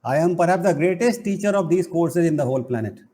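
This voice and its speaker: A middle-aged man, giving an animated spiritual talk full of playful, emphatic rhetorical questions. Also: fairly high pitch, fast talker. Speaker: spiritual teacher and college head.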